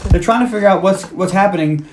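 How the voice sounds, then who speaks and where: A podcast host in casual chat, retelling movie scenes with laughter, blunt swearing and quick quoted lines. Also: medium pitch, roomy sound.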